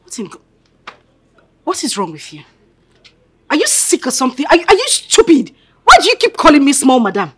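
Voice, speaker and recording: A woman's voice: fairly low pitch, sing-song, normal speed, pauses often, fairly bright tone. An actress with a Nigerian English accent playing a young woman who argues with her mother and begs to keep the man she loves. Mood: irritated. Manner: pleading, emotional. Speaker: daughter.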